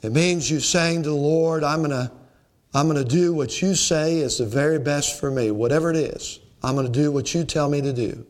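A man preaching an evening sermon as pastor, climbing to emphatic peaks and sinking to slow, hushed lines. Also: a little high. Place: church service in the evening.

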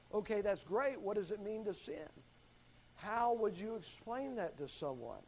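Man, high voice, Bible class teacher, calls on students and leans hard on key words. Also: lively intonation, normal speed, darkish tone, poor audio. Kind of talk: classroom Bible lesson with questions.

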